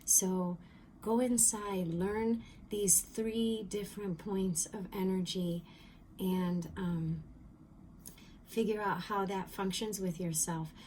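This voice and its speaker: A woman giving a heartfelt spiritual teaching in a vlog, repeating phrases and sometimes dropping into a soft whisper for emphasis. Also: mid-range voice, steady tone, slow, slight background noise. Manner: repeats phrases and restarts mid-thought. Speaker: spiritual medium.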